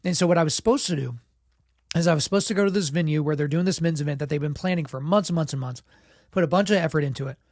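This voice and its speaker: Sick guy hosting a podcast, a bit high voice, rambling easygoing story, dry close mic. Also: racing, no room sound. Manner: relaxed, self-deprecating storyteller with frequent "you know" and "like". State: sick with a sore throat. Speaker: podcast host. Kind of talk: casual storytelling monologue.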